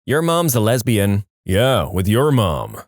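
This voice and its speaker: Lively male storyteller, dry close sound. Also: on the low side, slow, no room sound. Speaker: narrator. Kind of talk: reading reddit stories aloud.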